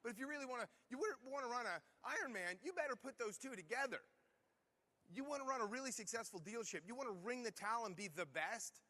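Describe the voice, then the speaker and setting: Guy with a high bright voice pumping up a conference room, lots of quick rhetorical questions. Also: expressive. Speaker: conference speaker. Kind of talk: motivational keynote talk.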